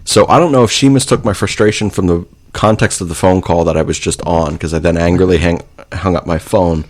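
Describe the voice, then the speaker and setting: A man's voice: deep voice, a little fast. A man co-hosting a podcast, telling a long rambling story in casual chat, full of fillers and swearing. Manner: rambling, profane, with many fillers. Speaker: podcast co-host.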